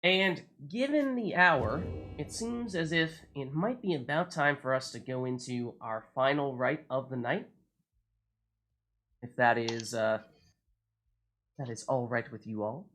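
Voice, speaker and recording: A man's voice: medium pitch, animated, measured pace, fairly bright tone, soft background music. A man hosting a community game stream, chatting with players in slightly formal phrasing. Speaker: stream host.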